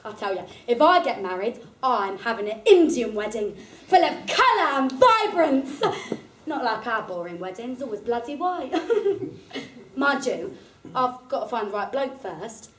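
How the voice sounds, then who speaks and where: A woman's voice: a little high, sing-song, unhurried, echoey room, a little hiss or hum. A woman playing a gossipy woman. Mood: chatty. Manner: gossipy, laughing storyteller. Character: chatty working-class London woman, hostel dweller. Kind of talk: one-woman stage monologue. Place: theatre performance space.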